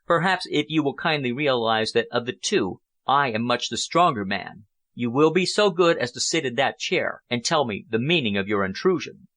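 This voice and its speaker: A man reading an audiobook, voicing a calm, self-assured male businessman who speaks quietly and with command. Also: mid-range voice, normal speed, lightly acted. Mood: cool.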